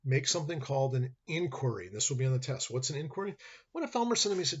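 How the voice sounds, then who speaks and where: A man's voice: mid-range voice, expressive, very fast, crowd noise. A man, a law professor, giving a conversational lecture and acting out little dialogues from his examples. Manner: acts out dialogue in hypotheticals, conversational. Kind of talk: recorded classroom lecture. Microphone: computer webcam mic. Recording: dull lo-fi webcam recording.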